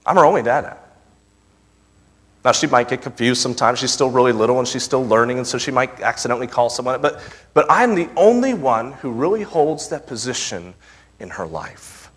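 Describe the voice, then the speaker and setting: A young man preaching a sermon, moving between loud, emphatic scripture reading and soft, intimate asides. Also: medium pitch, lively intonation, fairly quick. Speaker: pastor. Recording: long reverb of a large hall.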